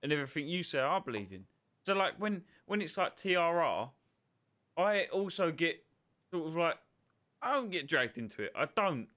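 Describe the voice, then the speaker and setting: Man, bright voice, blunt casual chat with a stutter-start habit. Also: a little high, very animated, normal speed. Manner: blunt, sweary, repeats himself. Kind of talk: casual chat on a live stream.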